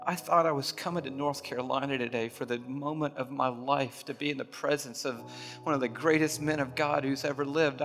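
A man preaching a sermon, telling a story in a hushed voice, then building to loud impassioned preaching. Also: on the high side. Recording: long reverb of a large hall, music behind.

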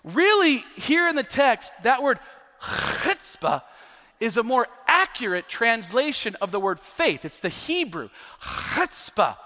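A male pastor preaching a sermon with emphasis, often repeating words as he builds to near-shouting. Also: very high voice, very animated, moderate pace, few pauses, in a large hall.

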